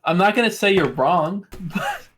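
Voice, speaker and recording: A man's voice: sits high, wildly swooping pitch, a little slow, a bit bright, a little hiss or hum. A man co-hosting a casual esports podcast, ranting emphatically and with exasperation. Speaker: podcast co-host.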